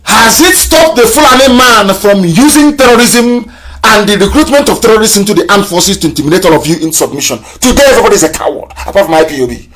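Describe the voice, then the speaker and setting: A man's voice: high-pitched, animated, quick pace, a bit bright, faint music behind. A man from Nigeria hosting a live political broadcast, speaking in impassioned, repetitive, scornful oratory. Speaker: broadcast host.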